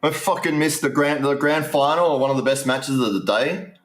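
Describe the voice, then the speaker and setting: A man's voice: a little high, brisk. A man giving casual, rambling live stream commentary, restarting sentences and talking straight to his viewers.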